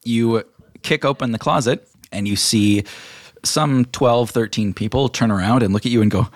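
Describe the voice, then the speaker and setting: A man narrating a tabletop game as game master, animated and playful. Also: mid-range voice, dry recording, clean studio sound. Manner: animated, laughing narration with quick character voices.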